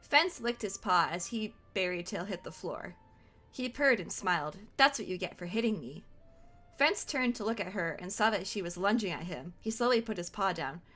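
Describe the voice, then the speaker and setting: A young woman streamer reading an old fan roleplay aloud, amused and quick to laugh. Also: medium pitch, expressive, sharp tone. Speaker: streamer host. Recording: faint music behind.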